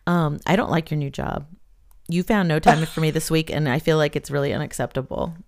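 A woman with a fairly low voice co-hosts a podcast in casual chat. She tells stories in an animated way and breaks into laughter often. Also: fairly quick, creaky. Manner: laughs a lot, animated storytelling. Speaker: podcast co-host.

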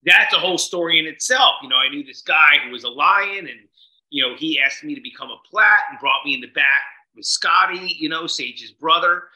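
Animated storytelling man, bright voice. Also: a little high, brisk, reverberant, rough recording. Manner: animated, swears casually, acts out quotes. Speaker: podcast guest.

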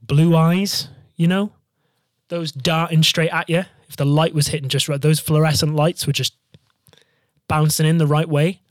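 A man's voice: a little high, dry recording, clean studio sound. A man telling long, jokey travel stories in casual chat, swearing freely and rambling.

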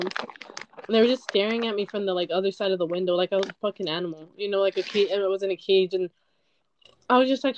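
A woman's voice: mid-range voice, slight background noise. A young woman telling a personal story in a rambling way, full of "like" and swearing, on her own podcast. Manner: rambling, frequent "like", swears, heated frustration. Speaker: podcast host. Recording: dull lo-fi recording.

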